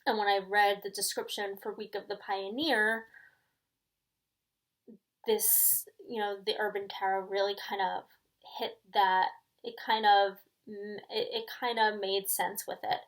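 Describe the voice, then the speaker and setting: A woman's voice: mid-range voice, flat delivery, measured pace, rough recording. A middle-aged woman from New York with a New York accent, hosting her tarot channel in casual, rambling chat full of ums and likes.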